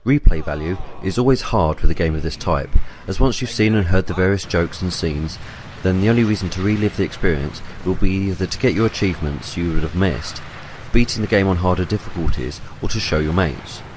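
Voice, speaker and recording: A man reading a scripted game review voice-over in a measured, even way. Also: low-pitched, noisy background.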